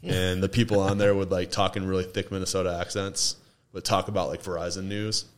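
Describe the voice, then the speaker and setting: A man's voice: deep voice, little pitch movement, brisk, clean tone. A man from Toledo, a podcast guest in casual chat, rambling with restarts and laughs. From Toledo, Ohio. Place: indoors, recorded session with drinks.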